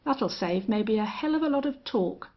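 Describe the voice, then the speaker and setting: A woman reading an audiobook western voices a grim older gunfighter who speaks in a cold, monotonous way. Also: fairly high pitch, moderate pace, highs cut off. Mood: menacing. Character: grim, steely older male gunfighter and hunter.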